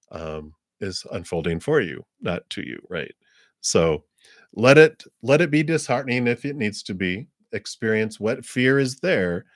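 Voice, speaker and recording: A man's voice: low voice, no room sound, clean studio sound. A man giving tarot card readings on a live stream, rambling loosely with many ums and little laughs, acting out people's reactions. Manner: breaks into little laughs, acts out quoted reactions.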